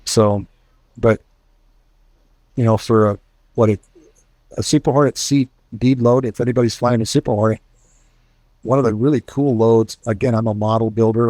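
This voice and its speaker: A man's voice: fairly low pitch, a little mellow, no room sound. Middle-aged guy telling old pilot war stories, does the voices, dry sound no room. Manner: storytelling, acts out quoted voices. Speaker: retired military pilot and author. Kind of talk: casual war stories to an audience.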